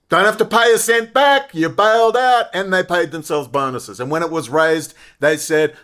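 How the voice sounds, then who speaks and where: A man's voice: high voice, moderate pace, hardly any pauses, a bit bright. Angry, profane man ranting. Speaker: political commentator. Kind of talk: ranting commentary monologue.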